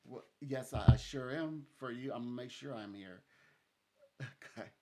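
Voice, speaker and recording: A man's voice: mid-range voice, normal speed, a little mellow, slight background noise. A man chatting casually as a psychic reader, rambling, laughing often and acting out what others said. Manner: rambling, laughs often, acts out quoted speech. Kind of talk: casual chat with a client.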